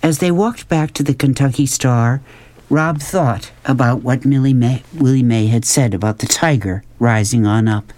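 A man reading a novel aloud as audiobook narration, in a calm, measured storytelling manner. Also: medium pitch, no echo. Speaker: audiobook reader.

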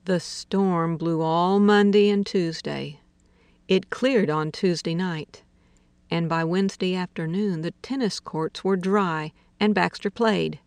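A woman reading a literary short story aloud in a slow, measured way, dropping to a hush for quiet dialogue. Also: on the low side, fairly even intonation, no room sound. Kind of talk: audiobook narration of literary fiction.

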